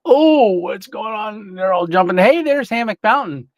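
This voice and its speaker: A man's voice: high-pitched, lively intonation, no echo. Casual guy chatting with his stream, laughs a lot, dry close sound. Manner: slow, chatty, laughs often, greets viewers by name. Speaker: livestream host reading chat. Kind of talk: casual live chat.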